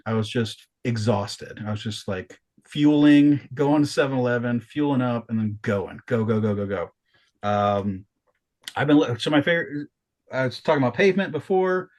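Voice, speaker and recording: A man co-hosting a podcast in casual chat, telling stories with lots of restarts and swearing. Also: medium pitch. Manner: animated storytelling, frequent swearing and restarts. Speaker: podcast co-host.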